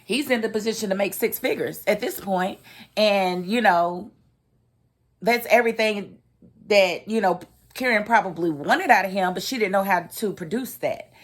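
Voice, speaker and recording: A woman giving a casual, expressive recap of a TV episode, laughing and acting out the characters' lines. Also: medium pitch, moderate pace. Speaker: TV recap host.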